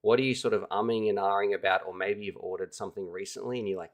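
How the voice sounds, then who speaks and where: A man's voice: fairly low pitch, steady tone, quick pace, few pauses. A man hosting a casual livestream, chatty and enthusiastic, talking straight to his viewers. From Australia. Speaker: livestream host.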